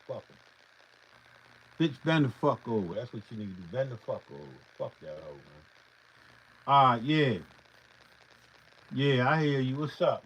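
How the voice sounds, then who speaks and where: A man's voice: on the high side, rough recording. A beat producer talking off the cuff to his livestream viewers, swearing heavily and repeating himself as he gets heated. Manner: profane, heated, repetitive, swinging loud and quiet. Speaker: beat producer streaming live. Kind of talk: casual livestream rant to chat.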